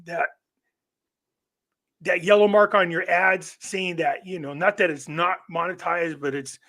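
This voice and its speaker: A man's voice: high voice, fairly even intonation, unhurried, bright, forceful tone. A man who is a guest on a live online show, telling long stories in a rambling way and often restarting his sentences. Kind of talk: casual chat.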